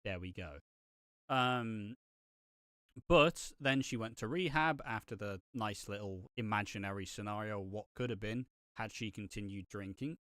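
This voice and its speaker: Young man chatting in a crisp dry voice. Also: fairly low pitch, measured pace, no echo. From United Kingdom. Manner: animated and opinionated, laughs between points. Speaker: soap opera reaction co-host. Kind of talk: casual chat.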